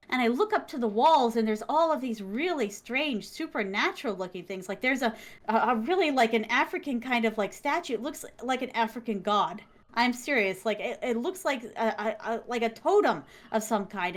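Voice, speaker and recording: Woman, high voice, excitable, dramatic storyteller, interview guest. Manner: excitable, dramatic, laughs often. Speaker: guest, content creator. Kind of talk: animated storytelling.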